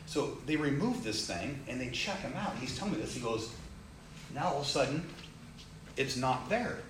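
A man casually telling a story, acting out the people he quotes, with growing excitement. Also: mid-range voice, normal speed. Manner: animated, acts out quoted people, rising excitement. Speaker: storyteller sharing a testimony. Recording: roomy echo, faint ambient noise.

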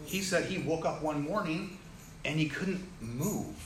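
A man casually telling a story, acting out the people he quotes, with growing excitement. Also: on the high side, a little slow, a crowd in the background. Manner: animated, acts out quoted people, rising excitement. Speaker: storyteller sharing a testimony. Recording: roomy echo, faint ambient noise.

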